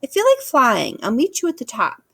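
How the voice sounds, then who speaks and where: Woman doing a little gosling boy, high n eager, bit gravelly. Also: wildly swooping pitch, normal speed, fairly bright tone, no room sound, heavily acted. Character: young male gosling, earnest and brave.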